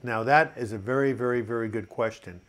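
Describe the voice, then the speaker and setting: A man's voice: medium pitch, brisk. An older man hosting a casual live chat, upbeat and chatty as he reads out viewer comments, with plenty of fillers. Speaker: host of a mental health live chat.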